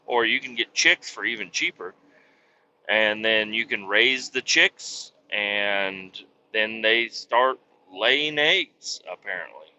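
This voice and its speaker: He's a podcast host and father of small children, speaking slowly in a lowish, sharp-toned voice. Hiccups interrupt his casual, rambling monologue, which is full of profanity and restarted sentences. The audio is dull with slight background noise.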